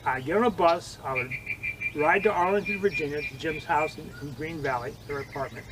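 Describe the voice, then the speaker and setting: An older man telling vivid stories in an interview, acting out quoted lines and swinging between loud and hushed. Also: on the high side, fairly quick, background noise. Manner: animated storyteller, acts out quotes, swings loud and soft. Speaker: interviewee, former judo training partner. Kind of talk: storytelling interview.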